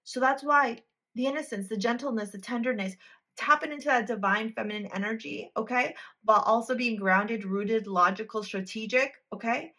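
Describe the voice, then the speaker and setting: A woman's voice: fairly high pitch, normal speed, bright, forceful tone. A woman reading tarot cards for a pick-a-card video, talking straight to the viewer in a blunt, emphatic way and swearing freely. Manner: addresses the viewer directly. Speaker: tarot reader.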